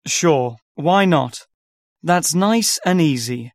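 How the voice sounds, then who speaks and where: Slow, careful man in a dry recording. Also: a little high, lively intonation, dry recording. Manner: repeats details back slowly and carefully. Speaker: workshop organizer. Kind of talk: scripted listening-test dialogue.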